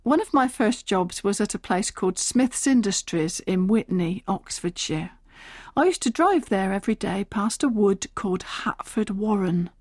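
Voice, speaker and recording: A woman's voice: medium pitch, expressive, normal speed, darkish tone, dry recording. A woman poet reading her own work, telling short stories and reciting comic verse in a droll, wry way into a close studio mic.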